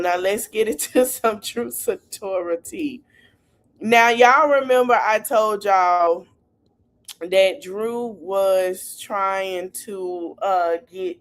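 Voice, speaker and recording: A woman hosting a podcast, retelling reality-show scenes in a chatty, gossipy way. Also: mid-range voice. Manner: chatty gossipy retelling with African American Vernacular English. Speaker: podcast host. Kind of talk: casual reality-TV recap.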